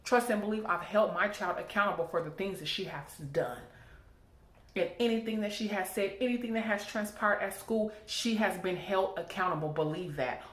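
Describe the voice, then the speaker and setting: A woman's voice: medium pitch, normal speed. A worn-out woman venting to her viewers, preachy and emphatic, repeating herself and tagging lines with "okay?". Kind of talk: emotional personal vent. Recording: echoey room.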